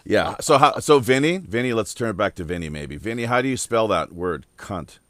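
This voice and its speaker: A man's voice: fairly low pitch, lively intonation, no room sound, studio quality. A man hosting a casual podcast round-table, rambling with lots of fillers. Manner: rambling, filler-heavy, deliberate. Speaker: podcast host.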